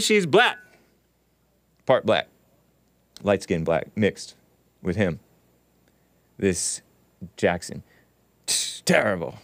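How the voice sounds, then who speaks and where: A man's voice: mid-range voice, very animated, slow pace, long pauses, fairly bright tone, no room sound. A man hosting a podcast, reading out screenshots with mocking commentary, swinging his voice up and down theatrically and chuckling at his own remarks. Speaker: host.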